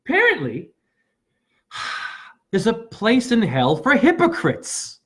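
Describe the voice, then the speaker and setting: A man, a self-styled spiritual teacher, giving a rambling livestream monologue that swings between shouting and muttering, preachy and full of loose wordplay. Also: very high-pitched, huge pitch swings, takes it slowly.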